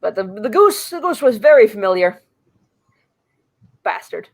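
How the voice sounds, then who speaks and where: A woman taking her turn in a tabletop role-playing game, telling a long in-character story. She rambles casually and drops the odd swear word, and her voice sits at an ordinary middle pitch. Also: very animated, a little slow, vocal fry.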